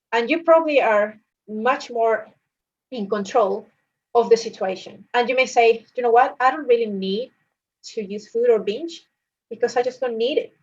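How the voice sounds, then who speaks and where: A woman's voice: medium pitch, muffled recording. A woman dietitian giving a presentation, explaining in an earnest, coaching way. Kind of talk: recorded presentation.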